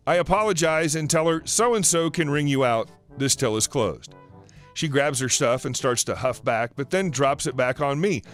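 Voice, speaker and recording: Male storyteller with a fairly high voice, steady reading pace, light music bed behind. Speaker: narrator. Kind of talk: reading online stories aloud.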